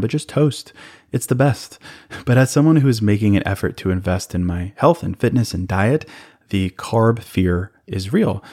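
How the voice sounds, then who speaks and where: Male podcast host, lowish voice, friendly host-read ad. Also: a little mellow. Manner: friendly, conversational pitch. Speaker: podcast host reading sponsor ads.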